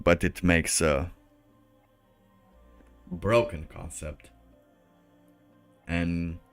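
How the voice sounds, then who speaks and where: Slow, deep-voiced male stream host. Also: a bit bright. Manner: rambling, loosely strung thoughts. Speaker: livestream host. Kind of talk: livestream commentary.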